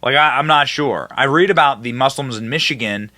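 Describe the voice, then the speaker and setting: A man's voice: medium pitch, fairly quick, bright, forceful tone. A man hosting a political commentary podcast, speaking sarcastically and mockingly, jumping between emphatic points and muttered asides.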